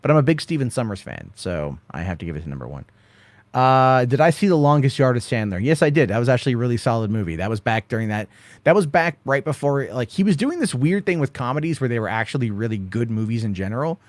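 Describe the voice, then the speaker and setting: On a casual late-night live stream, a man hosts and works through viewer questions from chat one by one, reading each aloud. He rambles, swears freely and uses plenty of filler, his ordinary mid-pitched voice swinging widely in pitch at a quick pace. The recording is dry and close, with no room sound.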